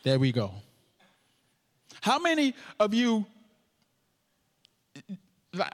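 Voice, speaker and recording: A man's voice: sits high, lively intonation, slow, pauses often. A man preaching a sermon with a stutter, joking playfully with the congregation. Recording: long hall reverb.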